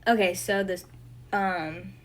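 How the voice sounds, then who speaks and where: A woman's voice: medium pitch, fairly even intonation, slow pace, rough recording. Flustered woman in casual chat. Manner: flustered, loses her train of thought.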